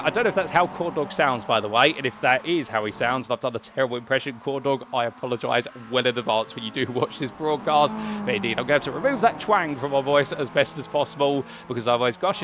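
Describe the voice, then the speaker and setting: A man's voice: mid-range voice, fast, background noise. Chatty British man commentating sim racing. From United Kingdom. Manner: chatty, rambling, polite British phrasing. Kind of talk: solo race commentary.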